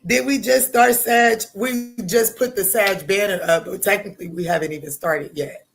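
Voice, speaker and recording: This woman's voice is creaky, steady in tone, and moves at normal speed as she hosts a tarot livestream. Her casual talk is loud, bold and vulgar, punctuated by frequent laughter and sudden pitch jumps.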